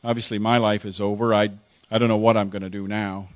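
A man's voice: on the low side, level tone, dry recording. Man preaching a dramatic first-person monologue. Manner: emotional, halting, repeats words when moved.

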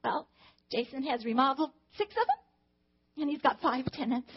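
A middle-aged woman with a high voice tells her personal testimony to a congregation. She is earnest and emotional and often turns to address God aloud. The recording is dull and lo-fi. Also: normal speed. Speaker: church testimony speaker.

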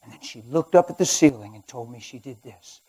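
A middle-aged man preaching a sermon as a personal testimony, swinging between hushed and loud as he tells the story. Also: medium pitch, expressive, fairly quick, breathy edge.

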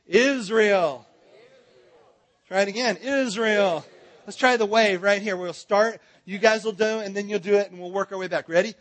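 A man's voice: high-pitched, a bit bright. A man teaching a Bible seminar in a church, joking with and directing his audience.

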